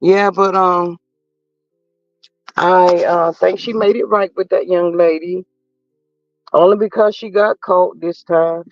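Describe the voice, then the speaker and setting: A man with a high, gravelly voice drawls through sassy gossip for his live-stream viewers. The sound is dry and close, a little dull and lo-fi, with faint music underneath. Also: fairly even intonation, slow, pauses often, no echo. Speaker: commentary channel host reading live chat. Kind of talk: casual live-stream commentary.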